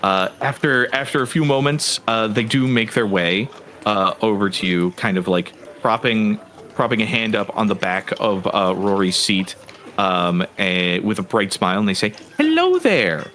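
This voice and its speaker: A man narrating a tabletop game as game master, with frequent pauses and fillers. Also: lowish voice, steady tone, a bit bright, slight background noise. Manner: hesitant, many "uh" and "um" fillers.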